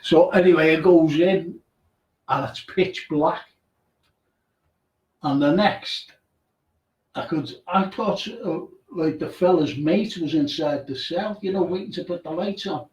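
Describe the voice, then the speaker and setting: A man's voice: on the high side, a little slow, long pauses, darkish tone, far from the mic. A man hosting a live radio show. He reads out listeners' names and messages in a chatty way, then tells a ghost story with stammering restarts. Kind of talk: casual chat, live show. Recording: echoey room, away from the mic.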